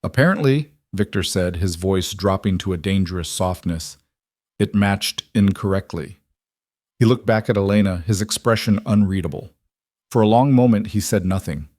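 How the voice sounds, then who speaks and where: A man with a low voice narrates a story in an even, measured manner. The recording is dry and close, with no room echo. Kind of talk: scripted audiobook narration.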